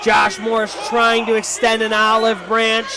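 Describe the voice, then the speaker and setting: High-voiced excited wrestling play-by-play man. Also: measured pace, noisy background. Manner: excited, often shouting calls. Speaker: play-by-play commentator. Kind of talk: wrestling commentary. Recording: commentary over loud arena crowd and music.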